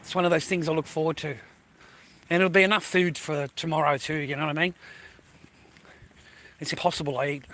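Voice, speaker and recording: An Australian man rambles through a casual vlog as he walks through a neighbourhood outside. His voice is on the high side for a man and sounds bright and sharp. He keeps up a crude, chatty flow, full of "mate" and "you know.". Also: fairly even intonation, a little fast, long pauses, a little hiss or hum. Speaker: vlogger. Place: outdoors, walking through a neighbourhood.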